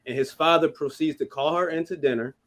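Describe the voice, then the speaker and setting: A man's voice: fairly high pitch, fairly quick. A man co-hosting a casual podcast, animatedly recounting a film in loose, profane language. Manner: profane, animated movie recap. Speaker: podcast co-host.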